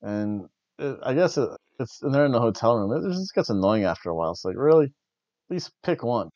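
A man's voice: lowish voice, sing-song, normal speed, darkish tone, dry recording, muffled recording. A man hosting a wrestling review show, rambling in casual chat with wry, jokey asides. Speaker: wrestling review podcast host.

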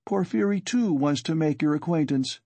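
Drunk chatty young man voiced by a male reader, husky, dry close sound. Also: fairly high pitch, moderate pace, mellow, dry recording, pitched above the performer's own voice. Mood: excited. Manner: rambling and eager. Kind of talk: audiobook character reading.

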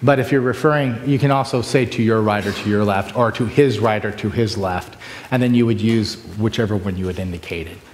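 A preaching-workshop speaker, a man with a lowish voice and a fairly quick pace, lectures and demonstrates at a conference. His delivery is lively, alternating loud bursts with hushed asides, and the distant recording carries a long hall echo plus a faint hiss or hum.

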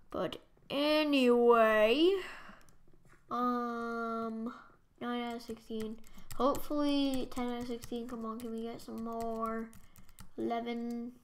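Excitable young woman gaming streamer. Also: on the high side, slow, slight background noise. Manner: excitable, squeals and shouts at game events. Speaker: gaming YouTuber. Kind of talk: Minecraft let's play commentary.

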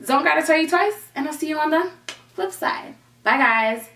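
A young woman vlogger telling a storytime in an animated, slangy way, swearing freely. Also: high-pitched, normal speed. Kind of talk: storytime vlog. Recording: echoey room, mic at a distance.

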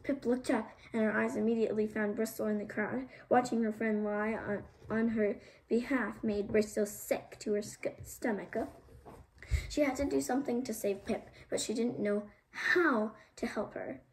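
A woman storyteller reading a novel aloud, expressive, with small slips and restarts. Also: fairly high pitch, moderate pace, poor audio.

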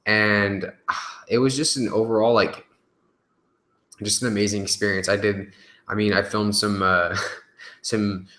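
Young man, deep voice, bright forceful tone, casual live stream chat, loose and profane, echoey room. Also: little pitch movement, unhurried, long pauses. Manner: loose and chatty, with fillers and swearing. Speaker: YouTuber answering live stream questions.

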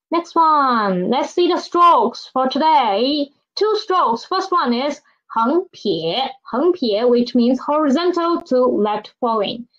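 A Chinese language teacher gives a slow classroom pinyin lesson in a slightly high, fairly bright voice with a lo-fi sound. She repeats each word and asks learners to read it back after her.

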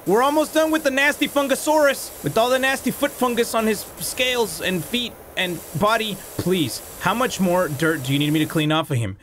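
A high, bright-voiced man chats through a cleaning game, excitable and playful as he talks to the objects on screen. He slips Spanish words into his English, and a faint hiss sits under the recording. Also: moderate pace, hardly any pauses. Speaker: gaming video creator. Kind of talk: casual gameplay commentary.

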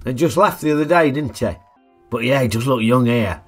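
A man's voice: medium pitch, brisk, faint music behind. A man giving a chatty, jokey film review full of tag questions. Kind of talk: casual film review narration.

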